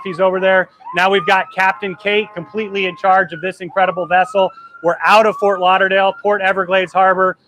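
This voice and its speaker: Man, thirties, high voice, live vlog, excited, trembling, emotional, outdoors on a cruise ship. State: trembling, choked up. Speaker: travel agency host.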